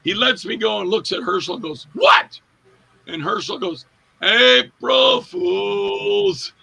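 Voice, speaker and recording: A man being interviewed as an actor, telling lively anecdotes and acting out the voices of the people in them, with a raspy voice. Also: high voice, fairly quick, rough recording. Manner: animated anecdote-telling, acts out quoted voices, laughs often. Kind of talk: casual storytelling interview.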